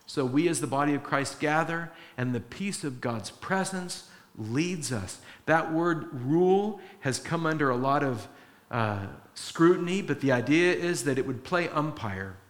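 Man preaching with animated storytelling. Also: fairly high pitch, a little slow. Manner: animated storytelling, acting out quoted voices; earnest, emphatic teaching. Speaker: pastor. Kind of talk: sermon.

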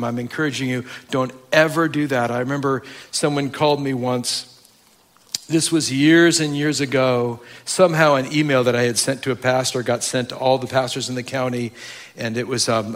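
A male pastor preaching a sermon, telling stories with acted-out dialogue and dropping to slow, soft emphasis on key lines. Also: on the high side.

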